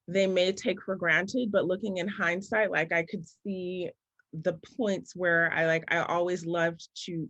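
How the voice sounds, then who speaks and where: A woman's voice: fairly low pitch, a bit bright, dry recording, dull audio. Reflective woman coach, dry close sound. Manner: reflective storyteller, often slows down to make a point. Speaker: guest, business coach. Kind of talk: conversational interview answers.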